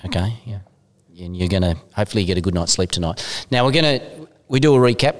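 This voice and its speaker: A man with a very deep voice hosts a casual podcast chat. He talks in an eager, rambling way and drops in a casual swear now and then. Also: animated, fast talker. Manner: chatty, enthusiastic, swears casually. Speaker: podcast host. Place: gym.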